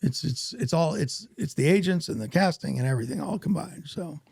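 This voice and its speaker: A man, an actor guest on a podcast, telling stories in a casual, animated way and acting out what others said. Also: on the high side, fairly quick, creaky, husky, no room sound, studio quality. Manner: animated, acts out quoted voices. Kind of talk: casual storytelling interview.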